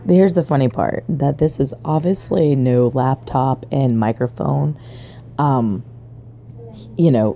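A very deep, gravelly woman's voice with lively, swooping pitch, chatting and giggling through loose filler words. She talks into a phone recorder from a restaurant booth, with faint noise in the background. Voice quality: sultry, low voice. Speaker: podcast host. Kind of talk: casual chat. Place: large booth in a busy mall restaurant. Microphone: phone voice recorder held up close.

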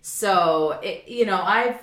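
A woman's voice: mid-range voice, slow, reverberant. A woman chatting casually about dating, telling stories about a friend and asking questions. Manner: chatty, laughs often, asks questions.

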